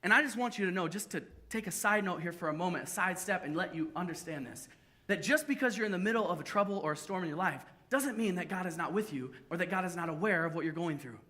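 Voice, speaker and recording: At a church service, a young adult pastor preaches a sermon, telling stories lively and with self-deprecating humor. He has a high voice and talks fast.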